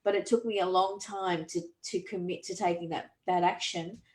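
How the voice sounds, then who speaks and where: A woman's voice: on the low side, steady tone, normal speed, darkish tone. A woman, a podcast host and coach, talking earnestly and reflectively with frequent restarts. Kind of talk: conversational coaching talk. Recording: roomy echo.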